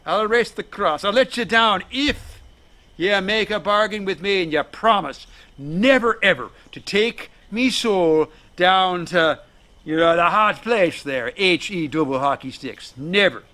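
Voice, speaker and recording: A storyteller putting on a sly Irish rogue with a lilting brogue, stammering and playing the innocent. The voice sits high and sounds bright and sharp. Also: male voice, expressive, a little slow, exaggerated voice. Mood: cheeky. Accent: put-on Irish. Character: sly Irish trickster man Jack.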